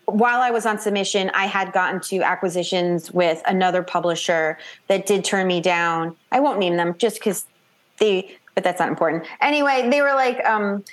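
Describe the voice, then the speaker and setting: A woman author talking casually in an interview, chatty and animated, acting out quoted voices as she tells her story. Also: medium pitch, moderate pace. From New York / New Jersey. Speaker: author guest.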